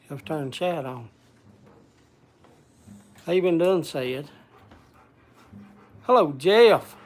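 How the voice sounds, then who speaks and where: A man's voice: on the high side, lively intonation, takes it slowly. A man hosting a casual livestream from a log cabin, chatting and greeting viewers by name. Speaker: livestream host.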